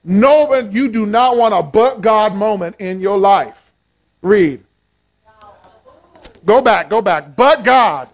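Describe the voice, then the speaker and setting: A high-pitched male pastor delivering a lively sermon. He swings between loud, excited exclamations and quiet asides, and he jokes with the congregation as he goes. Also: slow, pauses often. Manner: playful, joking with the congregation.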